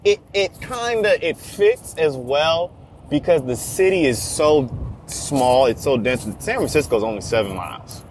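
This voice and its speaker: A young man telling a story in a casual, profane, animated rant, repeating himself a lot. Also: on the high side, measured pace, slight background noise.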